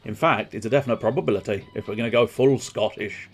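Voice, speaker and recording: A man's voice: fairly low pitch, quick pace, soft background music. A man streaming a game playthrough, rambling and joking with casual swearing. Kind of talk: live game playthrough commentary.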